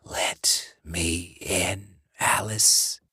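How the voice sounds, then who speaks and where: A man voicing a rotting undead ex-boyfriend with a croaking, death-rattle voice, slow and menacing. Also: low-pitched, fairly even intonation, bright, forceful tone, no room sound, whispered, clean studio sound, exaggerated voice. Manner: slow, drawn-out, sing-song menace.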